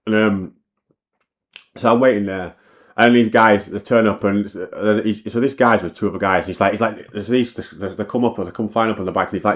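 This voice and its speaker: A man's voice: fairly low pitch, steady tone. A man telling a personal story in a rambling, sweary way, full of restarts and repeats. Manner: talks fast and knows it. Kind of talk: casual storytime monologue.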